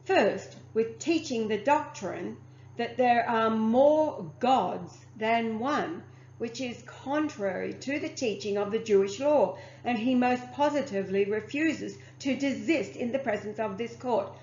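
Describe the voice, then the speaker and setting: A woman's voice: on the high side, unhurried, a little mellow, a little hiss or hum. A woman reading aloud from a religious text and stopping to comment on it, formal as she reads and chatty in her asides. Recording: muffled, echoey room.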